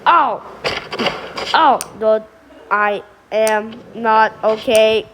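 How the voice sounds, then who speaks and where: Woman, very slow-talking, goofy game storyteller full of silly noises; noisy take. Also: a little high. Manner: goofy, full of sound effects and exclamations. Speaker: gaming channel creator. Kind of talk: playful sandbox game storytelling.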